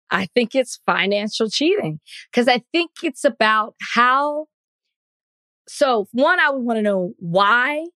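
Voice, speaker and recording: A woman's voice: a little high, fairly bright tone, no room sound. A woman co-hosting a podcast, giving her opinion in a casual, conversational way. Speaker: podcast co-host. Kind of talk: casual chat.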